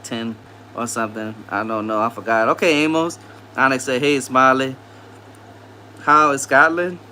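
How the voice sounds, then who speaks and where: A man's voice: medium pitch, pushed and bright, a little hiss or hum. A man from Louisiana with a Southern accent, hosting a casual livestream, reading viewers' comments aloud and greeting them in a laid-back, upbeat way. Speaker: livestream host.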